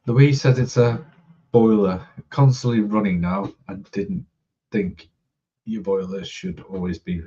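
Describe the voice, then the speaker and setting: Slow, husky man. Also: fairly low pitch, fairly even intonation, dark tone, distant mic. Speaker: livestream host. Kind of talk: casual chat. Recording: dull lo-fi sound.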